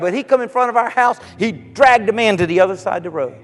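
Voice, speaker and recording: A man preaching a sermon, swinging from soft, low passages to loud shouted cries. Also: fast, few pauses, big-room sound. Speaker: pastor.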